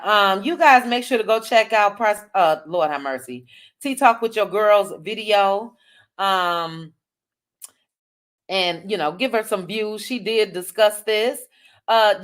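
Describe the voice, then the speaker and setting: Chatty dmv woman on a livestream, voice all over the place, takes her time. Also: fairly high pitch. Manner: chatty, animated, reads comments aloud with asides. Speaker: livestream host. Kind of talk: casual livestream commentary reading comments.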